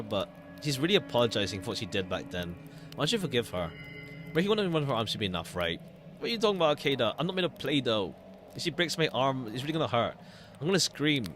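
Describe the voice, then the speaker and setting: Male streamer, reads game lines aloud, expressive, mid pitch. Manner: animated, switching between characters. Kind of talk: reading game dialogue aloud.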